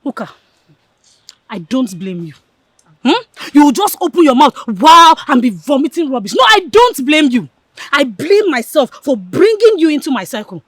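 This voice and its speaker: A spiteful schemer who berates her friends with scorn. Her husky voice runs high and swings widely in pitch. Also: expressive, normal speed, pauses often, no room sound. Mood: scornful. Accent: Nigerian. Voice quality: scornful, insulting. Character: spiteful scheming young woman, Adanne. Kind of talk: film drama acting.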